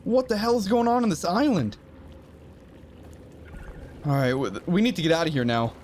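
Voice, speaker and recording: In this let's play, a man with a high, slightly mellow voice commentates a survival horror game at normal speed for his gaming channel. He frequently startles, exclaiming in fright and muttering to himself. A little hiss or hum sits under the recording.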